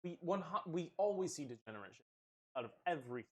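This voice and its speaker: A man co-hosting a podcast in casual chat, animated and swearing freely as he riffs. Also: on the high side, fast talker. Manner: animated, swearing, laughing often. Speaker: podcast co-host.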